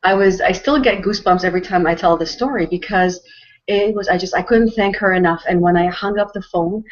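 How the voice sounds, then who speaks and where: A woman's voice: on the low side, darkish tone. A woman from Canada, host and storyteller, telling a personal story in an earnest, emotional way with frequent restarts. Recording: dull lo-fi audio.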